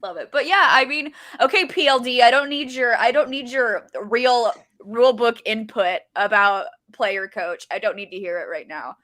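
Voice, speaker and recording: A woman co-hosting a casual podcast, with a raspy throat, playful and teasing. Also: on the high side, normal speed, few pauses, fairly bright tone. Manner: playful, teasing, laughs often. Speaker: podcast co-host.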